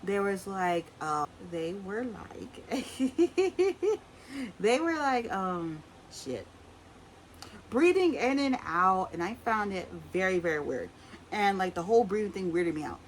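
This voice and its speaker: A woman's voice: mid-range voice, sing-song, slight background noise, low-quality recording. Sassy chatty woman recapping reality TV. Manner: chatty, sassy asides, quick voice impressions of cast. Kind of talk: casual opinionated recap.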